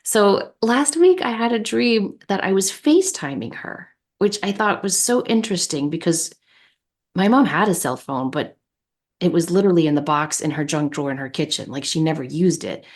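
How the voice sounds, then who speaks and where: A woman co-hosting a podcast, telling a personal story in a casual, animated, anecdotal way. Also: lowish voice, moderate pace. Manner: animated, anecdotal, warm laughter. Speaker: podcast co-host.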